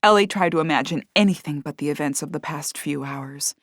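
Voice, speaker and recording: A woman narrating a cozy mystery audiobook in a measured storytelling manner. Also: low-pitched, no room sound, studio quality. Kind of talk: scripted narration.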